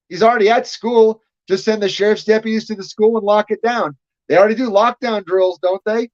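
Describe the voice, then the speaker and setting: A man with a rather high voice argues his case in a casual livestream chat, stacking up rhetorical questions. His audio sounds slightly dull and lo-fi. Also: a little fast. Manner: argumentative, building points rhetorically. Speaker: podcast co-host.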